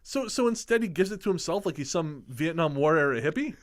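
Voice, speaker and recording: A man's voice: on the high side, animated, a little fast. A man co-hosting a podcast, telling stories in casual chat with dry jokes. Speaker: podcast co-host.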